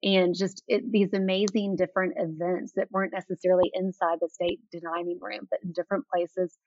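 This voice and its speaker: A woman author, interviewed as a guest, recounts stories with enthusiasm and frequent fillers. Her voice is low-leaning and darkish, her tone level and her pace fairly quick, captured in dull lo-fi audio.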